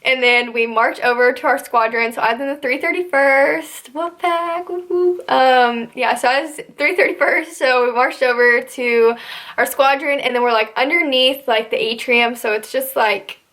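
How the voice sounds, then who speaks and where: A woman's voice: high-pitched, moderate pace, fairly bright tone. A young woman casually telling a rambling story about her first days of basic training, full of "like" and asides. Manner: chatty, rambling, heavy use of "like". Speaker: vlogger recounting basic training.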